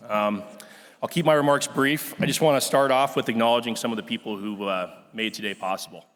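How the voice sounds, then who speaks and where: A man's voice: mid-range voice, fairly quick, fairly bright tone. A young man, class president, giving an earnest, emotional ceremony speech with frequent fillers in a large auditorium. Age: young adult. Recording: long hall reverb.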